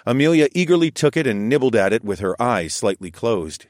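A man narrating an audiobook in the first person and voicing the lead character, in a calm, measured way. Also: medium pitch, no room sound, clean studio sound.

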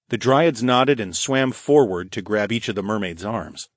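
Male audiobook narrator, steady first-person storytelling, lowish pitch, dry studio sound. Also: moderate pace, no room sound.

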